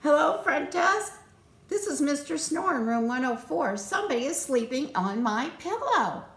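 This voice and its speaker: A woman voicing a grumpy, sleepy man who keeps complaining about his hotel room, raising a higher voice in an echoey room. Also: big pitch swings, normal speed, fairly bright tone, exaggerated voice. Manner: grumbling, raises voice to complain.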